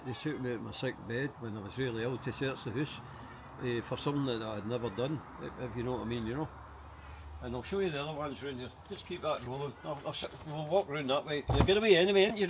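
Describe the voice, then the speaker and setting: An older Scottish man with a broad Glaswegian accent talks casually and at length, swearing freely and drifting from one story to the next. His voice sits at an ordinary middle pitch, and he is recorded indoors at home. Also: background noise. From Scotland. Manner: rambling, profane, chatty with many asides. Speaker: interviewee.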